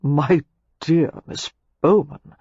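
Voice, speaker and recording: A woman voicing a smitten young English lord, speaking in a husky, earnest and effusive way. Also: lowish voice, very animated, measured pace, a little mellow, no echo, exaggerated voice. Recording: slightly muffled audiobook recording.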